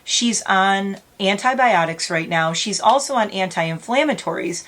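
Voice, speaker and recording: A middle-aged woman talks into her camera at home, earnest and rambling, often correcting herself. Her voice sits at an ordinary middle pitch and she sounds close to tears. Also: lively intonation, measured pace, fairly bright tone. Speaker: vlogger. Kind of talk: emotional casual vlog.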